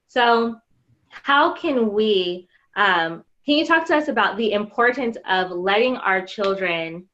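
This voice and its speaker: A woman's voice: medium pitch, a bit bright. Candid woman host, slightly muffled. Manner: candid, personal storytelling with fillers. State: pregnant. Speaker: podcast host. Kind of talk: conversational interview. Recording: slightly dull lo-fi sound.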